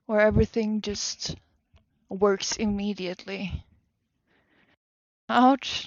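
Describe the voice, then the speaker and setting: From her home desk, a young woman from Sweden talks easily to the people watching her live stream, her Swedish accent clear as she jokes at her own expense and exclaims readily. The mid-range voice comes through a dry recording with dull audio.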